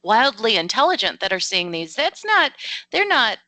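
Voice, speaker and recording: A woman co-hosting a radio talk show over a video call, loud and animated, often apologizing. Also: on the high side, normal speed, dry recording. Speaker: co-host. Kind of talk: casual chat.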